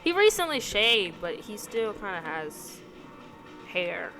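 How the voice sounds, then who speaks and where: A young woman answers a question tag in loose casual chat, her pitch bouncing up and down. She hesitates and rambles, full of ums and likes, while clear music plays behind her. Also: sing-song, slow, pushed and bright. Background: background music.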